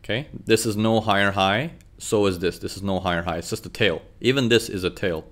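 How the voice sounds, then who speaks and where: This trading instructor gives a live chart lesson in a lowish voice and a brisk delivery. He's animated, keeps checking in with "okay" and "right," and acts out what traders are thinking.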